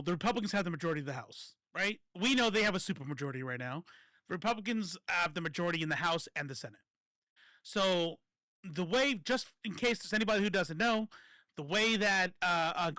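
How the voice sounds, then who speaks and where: A man's voice: sits high, pushed and bright, no room sound. A man giving casual, profane political commentary that rambles, stopping and restarting often.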